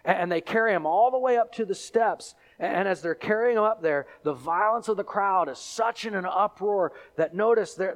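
A male pastor preaching a sermon, telling the story with animated delivery and acting out the characters and crowd. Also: high voice, normal speed, hardly any pauses.

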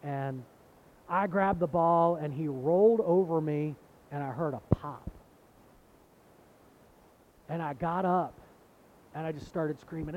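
A man's voice: takes it slowly, pauses often. A man preaching a sermon in an earnest way, building to impassioned emphasis with repeated phrases. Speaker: pastor. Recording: dull lo-fi sound with faint rumble.

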